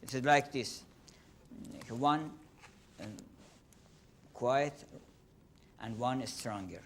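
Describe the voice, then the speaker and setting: An older man with a Persian accent giving a lecture on poetry, halting and full of fillers and restarts, speaking in a room with a faint low rumble. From Iran.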